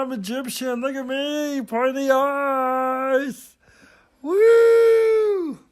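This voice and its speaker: A goofy, boastful woman beauty vlogger, played by a man in a comic makeup-tutorial voice-over. She drawls at an unhurried pace, gasps at every product she picks up, and swears mildly. She also hums filler syllables while she works. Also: extremely high pitch. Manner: gasping exclamations and mild swearing. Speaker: husband narrating his wife's makeup tutorial.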